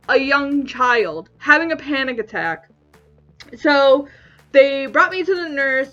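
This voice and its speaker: A young woman with a high, bright voice tells a personal story to camera, acting out the voices of the people in it. The audio is a little dull, with soft music playing underneath. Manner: animated retelling, acting out quoted voices. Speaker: vlogger.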